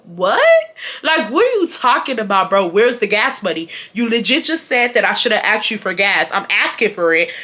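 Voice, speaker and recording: A woman's voice: medium pitch, sing-song, moderate pace, bright, forceful tone. A young woman vlogger telling a storytime rant to camera, indignant and venting, with heavy slang and swearing.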